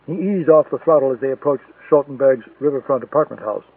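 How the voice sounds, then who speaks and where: A man's voice: mid-range voice, fast, slightly rough, no room sound. Male thriller narrator on a tinny line. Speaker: audiobook narrator. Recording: tinny, distant, dry lo-fi recording.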